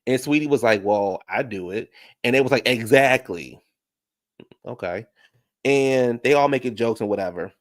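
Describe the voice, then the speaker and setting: A man hosting a casual YouTube show, recapping a reality TV episode and talking to his viewers in chat, jumping into animated high voices when he quotes people. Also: moderate pace. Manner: talks back to viewers in chat. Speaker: YouTube reaction show host.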